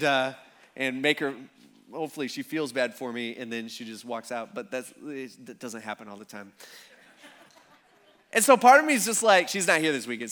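Chatty pastor with a higher voice. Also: male voice, bright, forceful tone. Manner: chatty, self-deprecating, acts out quoted voices. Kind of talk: casual storytelling sermon.

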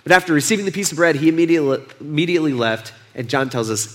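A young man giving a casual, conversational sermon, retelling a story and acting out the quotes with lively shifts in voice. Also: on the high side, rapid-fire, hardly any pauses. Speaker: pastor.

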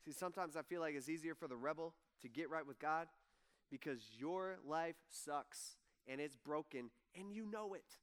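A man's voice: a little high, moderate pace, clean tone. A man preaching a sermon in a casual, conversational way, acting out the people he quotes. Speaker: pastor. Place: church hall with audience.

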